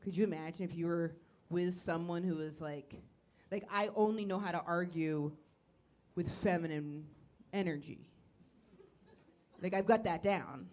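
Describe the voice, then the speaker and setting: A woman comedian doing a stand-up routine on a comedy club stage. She talks conversationally and swings from low, muttered asides to loud bursts. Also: unhurried.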